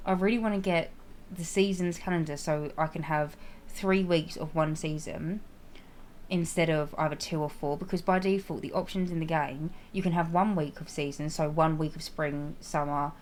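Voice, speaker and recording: Young woman, casual game-stream chat, giggly, self-interrupting, lowish voice. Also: measured pace, darkish tone, a little hiss or hum. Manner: chatty and giggly, often restarting and apologizing. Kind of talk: casual chat while playing a life-sim game.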